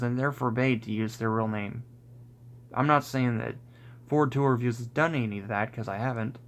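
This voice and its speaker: A man chatting loosely to his viewers on a livestream, with a gravelly, creaky edge to his voice. He talks in loose, self-interrupting runs and often seems about to crack up. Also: medium pitch. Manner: rambling, self-interrupting, often breaking into laughter. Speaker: YouTube channel host on a livestream. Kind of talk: casual rambling livestream chat.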